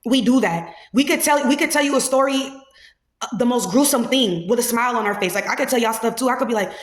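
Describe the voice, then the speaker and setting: A woman's voice: on the high side, fast talker. A woman host, giving blunt, profane, heated reaction commentary in a casual podcast. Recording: echoey room.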